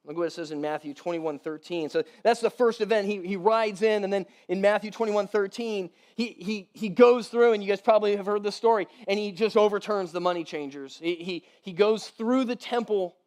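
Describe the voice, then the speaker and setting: A male pastor preaches in an easy, chatty way, with a voice pitched noticeably high for a man. He repeats words as his thoughts catch up, laughs lightly between points, and keeps turning to his listeners with a quick "right?". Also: a little mellow. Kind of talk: conversational sermon.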